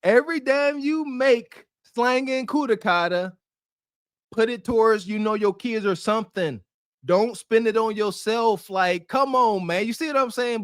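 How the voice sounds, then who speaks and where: A man's voice: sits high, no room sound, clean studio sound. A man co-hosting a podcast, giving blunt, slangy, preachy commentary. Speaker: podcast co-host.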